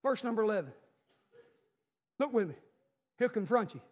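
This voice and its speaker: Male pastor, very high voice, fervent shouted sermon, long church reverb. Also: sing-song, moderate pace. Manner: fervent, cries out and shouts in bursts.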